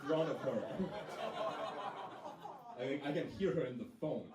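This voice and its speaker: A male stand-up comedian telling stories deadpan on a club stage, slipping into quick quoted voices. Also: medium pitch, a loud crowd. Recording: roomy club sound from a distance.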